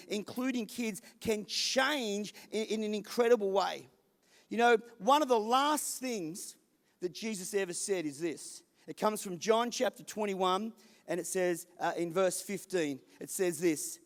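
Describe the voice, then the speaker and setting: A man, a lead pastor preaching a conversational, animated sermon, acting out the voices of the people in his story. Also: high voice. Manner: conversational, animated, acts out the voices of scripture figures. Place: church service in a large hall. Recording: long hall reverb.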